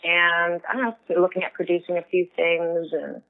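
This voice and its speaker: A woman's voice: lowish voice, level tone, moderate pace, vocal fry, a crowd in the background. Woman guest, rambling and heartfelt, heard over a thin phone line. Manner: earnest, effusive, rambling. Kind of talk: casual chat.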